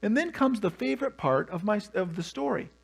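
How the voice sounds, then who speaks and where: Pastor, sermon, playful storytelling, very expressive pitch. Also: fairly quick, creaky. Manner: animated, humorous storytelling.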